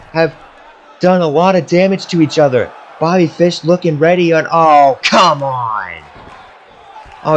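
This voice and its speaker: A man doing excitable play-by-play commentary over a wrestling video game, often shouting at big moves. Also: a little high, slight background noise, low-quality recording. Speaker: amateur commentator.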